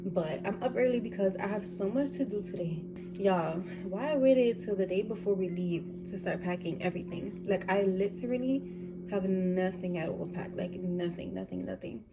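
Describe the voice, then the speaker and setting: A woman's voice: medium pitch, moderate pace, vocal fry, music in the background, poor audio. Gushing young woman vlogger. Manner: gushing, slangy, talks straight to viewers. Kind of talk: casual vlog chat.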